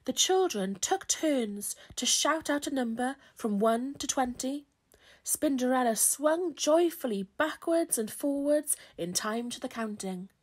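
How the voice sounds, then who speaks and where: Woman storyteller for children, unhurried, lively pitch, picture-book reading. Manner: slow, expressive.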